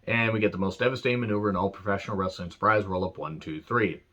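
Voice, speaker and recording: Man, wrestling reviewer, casual rant, lowish voice, bright tense tone, dull lo-fi sound. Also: steady tone, fast. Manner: rambling, earnest, with frequent fillers.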